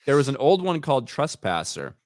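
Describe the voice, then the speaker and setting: A man's voice: medium pitch, very animated, a little fast, dry recording. Male stream host, casual and profane, rambling delivery, close dry mic. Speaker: show host reading viewer comments. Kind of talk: casual livestream chat.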